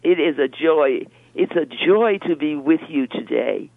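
An older woman, a religious sister, speaking in a gentle preaching and storytelling way, often repeating words as she begins a thought. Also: deep voice, lively intonation, a little slow, gravelly, dry recording. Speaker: religious sister, interview guest. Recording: dry, phone-like narrow sound.

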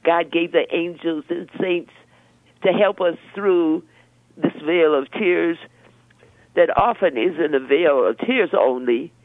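An older woman, a religious sister, speaking in a gentle preaching and storytelling way, often repeating words as she begins a thought. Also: on the low side, slow, no echo. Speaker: religious sister, interview guest. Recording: dry, phone-like narrow sound.

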